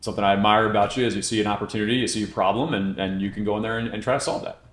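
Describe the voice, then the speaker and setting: Fast-talking host in an echoey room. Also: male voice, fairly low pitch, steady tone. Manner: affirming, frequent "right" backchannels. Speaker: interview host. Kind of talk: conversational interview.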